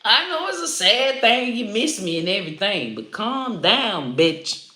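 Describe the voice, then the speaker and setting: Animated, bright-voiced woman ranting. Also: mid-range voice, a little slow, reverberant. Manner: loud, animated, swearing, slangy, laughing at own jokes. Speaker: comedian and online creator. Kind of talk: unscripted profane rant to camera.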